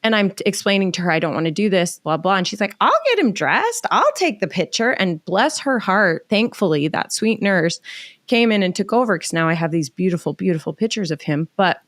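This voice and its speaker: A middle-aged woman telling a personal story as a podcast guest, animated and emotional, acting out bits of dialogue. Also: on the low side, no echo. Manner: animated, emotional, quick asides with reenacted dialogue.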